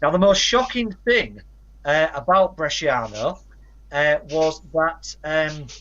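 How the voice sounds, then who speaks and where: A man's voice: on the high side, lively intonation, takes it slowly, fairly bright tone, highs cut off, a little hiss or hum. A man co-hosting a casual podcast, rattling off facts and titles with dry asides. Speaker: podcast co-host.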